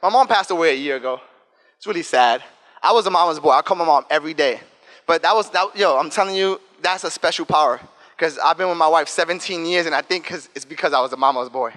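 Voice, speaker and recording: Man, African American English accent, thirties, bright sharp tone, joking casual talk, long hall reverb. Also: on the high side. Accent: African American English, New York. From South Bronx, New York. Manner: energetic, talkative, loose and joking. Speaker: guest speaker. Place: school event room.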